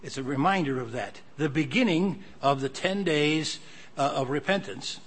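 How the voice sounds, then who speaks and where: A man's voice: a little high, moderate pace, husky. Older man preaching a scripture sermon. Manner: conversational Bible teaching, reads scripture aloud with rising emphasis.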